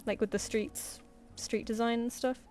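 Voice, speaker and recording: A woman's voice: on the high side, fairly even intonation, moderate pace, a little mellow, faint music behind. A woman chatting casually with viewers while she draws on a live stream, rambling and laughing easily. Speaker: streaming artist. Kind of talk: casual chat while drawing.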